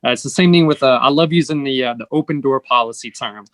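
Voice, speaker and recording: A man's voice: medium pitch, fast, fairly bright tone, no room sound. A male host explaining his points earnestly, acting out short example lines along the way. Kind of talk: interview conversation.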